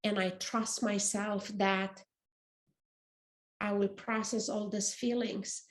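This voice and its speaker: A woman's voice: medium pitch, flat delivery, slow. A middle-aged woman with a non-native English accent, hosting a podcast as a casual motivational monologue, earnest and reflective, often repeating and restarting phrases. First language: not English. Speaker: podcast host. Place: apartment.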